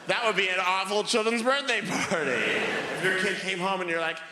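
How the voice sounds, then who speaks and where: A young man performing a stand-up routine on stage, telling animated stories and acting out the people in them. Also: sits high, moderate pace, heavy background noise. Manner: animated storytelling, acts out quoted voices. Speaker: stand-up comedian. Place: theater stage with live audience. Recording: live hall with room reverb.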